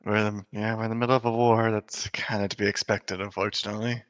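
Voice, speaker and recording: A man's voice: fairly low pitch, flat delivery, fast, a bit bright, clean tone. A man playing in a tabletop game, teasing the others and laughing often. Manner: laughing, teasing, uses "y'all". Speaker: player. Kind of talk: casual tabletop game chat.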